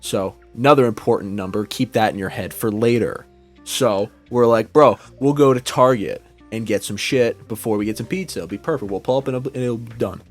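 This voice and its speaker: A man's voice: lowish voice, a little fast, faint music behind. A young man co-hosting a podcast, telling a long story in a casual, profane way and acting out the quotes, heard over a call mic. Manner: animated, profane, acts out quotes. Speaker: podcast co-host.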